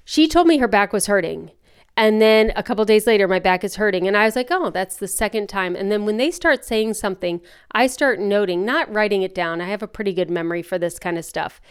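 Frank chatty woman in her 40s, very smooth clear voice, talks with her hands kinda. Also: mid-range voice, brisk. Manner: chatty, frank, animated storytelling. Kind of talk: casual chat.

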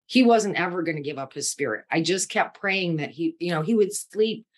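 A woman's voice: on the low side, animated, normal speed. A middle-aged woman, a podcast guest, telling a personal story with candid tenderness and acting out the lines of others as she goes. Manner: tender, candid, acts out quoted speech.

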